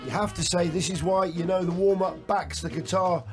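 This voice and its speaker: A man with a high voice, a bit hoarse today, hosts a radio show in playful, teasing banter. He builds mock-grand introductions for his co-hosts. Faint music plays behind him. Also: moderate pace. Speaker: radio breakfast show host.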